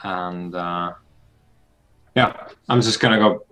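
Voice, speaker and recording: A man's voice: lowish voice, drawn-out words, long pauses, fairly bright tone, poor audio. A man playing a tabletop game, talking casually with many hesitant fillers. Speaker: player.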